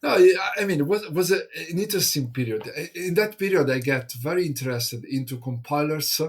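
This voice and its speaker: A man from Italy, an English speaker, chats as a guest in a hesitant, halting way, full of fillers and restarts. His voice is husky and a little breathy. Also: a little high, animated. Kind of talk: casual conversation.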